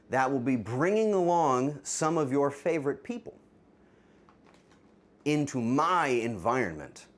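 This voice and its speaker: A man hosting a live cooking stream, chatting with viewers in a playful, teasing way. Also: medium pitch. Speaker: streamer, cooking show host.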